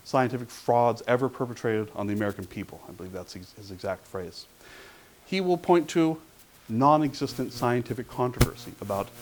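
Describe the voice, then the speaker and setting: A man giving a public lecture at a meeting, talking in a wry, conversational way with asides. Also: mid-range voice. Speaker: guest speaker.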